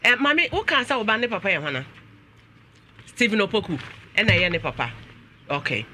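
A man's voice: high-pitched, big pitch swings, fairly quick, background noise. A man with a Ghanaian accent hosting a talk show, switching between English and Twi and exclaiming often.

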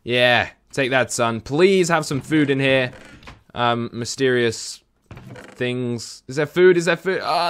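A young man giving excitable gameplay commentary, chatting to the creatures on screen and to his viewers. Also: medium pitch, slow pace, clear, resonant tone. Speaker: gaming video host.

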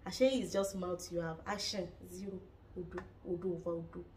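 A woman with a Nigerian accent giving a lively, dramatic gossip review of a reality show, laughing often. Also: on the low side, fairly quick, far from the mic. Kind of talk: casual gossip commentary.

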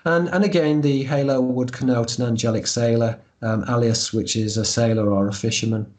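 A man, an author being interviewed, explaining esoteric ideas in a measured, hesitant way with frequent pauses and ums. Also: mid-range voice, fairly even intonation, darkish tone. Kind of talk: discursive interview talk.

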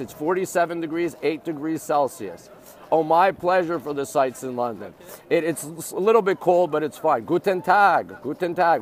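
American man, higher voice, phone-streamed walking tour, chatty host greeting viewers outdoors. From United States. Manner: chatty, greets viewers, urges them to stay. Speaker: livestream vlogger. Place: outdoors on a city riverside street. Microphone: phone held while walking.

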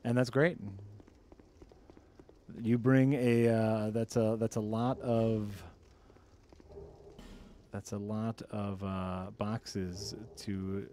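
A man's voice: on the low side, level tone, drawn-out words, pauses often, warm tone, slight background noise. A man hosting a gaming stream, playfully chatting with his co-host and viewers while he plays. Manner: playful, talks to chat while playing. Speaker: host playing a game on stream. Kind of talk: casual gaming chat.

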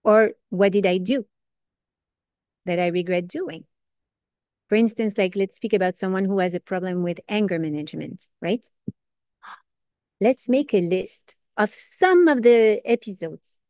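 A woman giving an informal Torah class, earnest and lively, asking questions and answering them herself. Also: mid-range voice, no room sound, clean studio sound. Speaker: Torah teacher.

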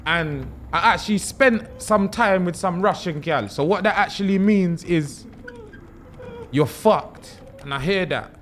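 Excitable lad streaming a horror game. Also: male voice, sits high, measured pace, slight background noise. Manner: excitable, swearing, joking slang banter. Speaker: gaming streamer. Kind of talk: horror let's-play commentary.

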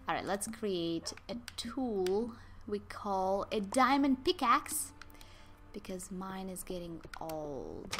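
A woman's voice: mid-range voice, big pitch swings, slow, gravelly, fairly bright tone, soft background music. A woman hosting a casual game commentary, chatting to the animals and sometimes breaking into squeals or whispers. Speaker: gaming channel host. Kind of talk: casual let's-play commentary.

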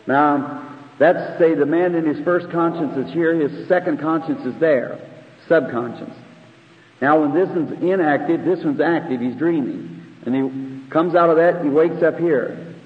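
A man's voice: fairly high pitch, unhurried. A man preaching a sermon in an earnest, conversational way, often asking the audience questions, recorded on old tape in a church hall. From United States. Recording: phone-like archival tape in an echoey hall.

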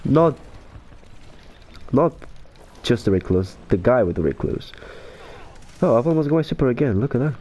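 A man's voice: medium pitch, moderate pace, long pauses. A young man commentating his own online shooter match, exclaiming over kills and deaths. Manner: excitable, exclaims and narrates his own plays. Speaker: gaming YouTuber. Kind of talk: live gameplay commentary.

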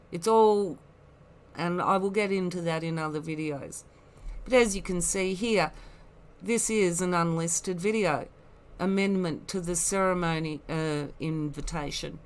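A woman's voice: on the low side, measured pace. A woman giving rambling, critical commentary, full of asides and scorn. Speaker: online commentator.

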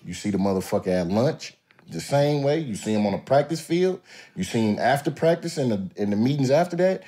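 A man's voice: mid-range voice, expressive, a little fast, warm tone. A man as a podcast guest telling stories in a laid-back, drawling, profane way, often acting out what others said. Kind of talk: casual interview storytelling.

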